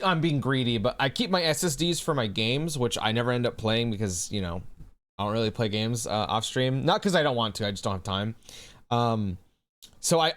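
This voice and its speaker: Chatty young man streaming. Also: mid-range voice. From United States. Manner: loose and chatty, swears freely, laughs often. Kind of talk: casual livestream chat, reading chat aloud.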